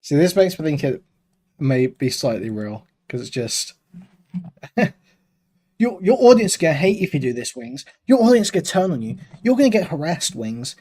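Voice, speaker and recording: A man's voice: on the high side, sing-song, moderate pace, darkish tone. A man doing casual reaction commentary on a stream, in a mocking, amused tone.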